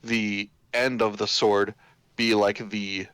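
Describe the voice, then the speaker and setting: A man co-hosting a casual podcast chat, talking in halting bursts with restarts. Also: lowish voice, level tone, fairly bright tone, smooth, no echo. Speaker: podcast co-host.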